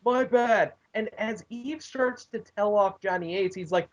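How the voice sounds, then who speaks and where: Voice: medium pitch, unhurried. A podcast co-host in casual wrestling chat over an online call, heated and profane. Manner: heated, profane, restarts often.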